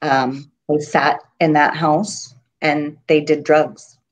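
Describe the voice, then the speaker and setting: Grieving mother, middle-aged, low voice, halting and emotional; interview guest on a video call. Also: flat delivery. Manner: halting, many ums, voice breaking with grief. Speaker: guest, mother of a murder victim.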